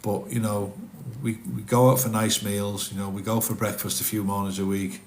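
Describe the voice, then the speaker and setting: A middle-aged man talks in a low voice. He rambles in a casual, chatty way on a live stream, reading out and answering viewers' comments. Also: little pitch movement, normal speed, a little mellow. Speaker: livestream host reading chat.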